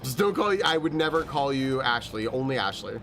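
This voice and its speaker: A man's voice: medium pitch, animated, a little fast, fairly bright tone, soft background music. A man streaming a video game from home, chatting casually and telling stories, rambling, swearing freely and laughing often. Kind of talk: casual gameplay chat with storytelling.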